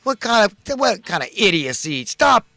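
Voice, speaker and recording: A man from the United States delivering an angry political rant straight to his listeners, now and then raising his voice to shout. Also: high voice, very animated, normal speed, creaky, no room sound. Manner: angry, ranting, shouts at times. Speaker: political commentator.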